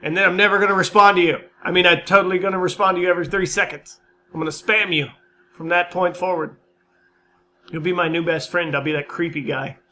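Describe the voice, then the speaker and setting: A man with a fairly high, forceful, bright voice talks loosely over his own gameplay and channel news. He rambles, mocks his own play and swears freely, in an easy, casual manner. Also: fairly even intonation, fast, a little hiss or hum. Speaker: gaming channel host. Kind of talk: casual let's-play commentary and channel update.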